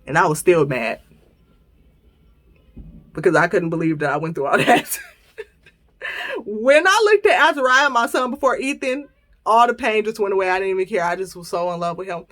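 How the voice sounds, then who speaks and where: Woman, 30s, podcast host, casual storytelling, animated, laughing, acts out her own lines. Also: mid-range voice, moderate pace, long pauses, soft background music.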